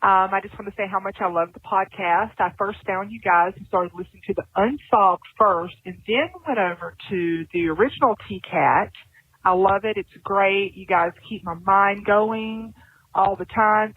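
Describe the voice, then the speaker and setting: A woman's voice: mid-range voice, moderate pace, slightly rough, no echo. A woman from Georgia leaving a heartfelt, grateful voicemail. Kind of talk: voicemail message. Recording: dry, tinny phone line.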